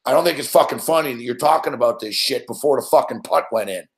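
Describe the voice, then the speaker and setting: A man's voice: mid-range voice, fast, pitched below the performer's own voice, natural voice. A man voicing an angry adult man who snaps back sternly and swears about lost money.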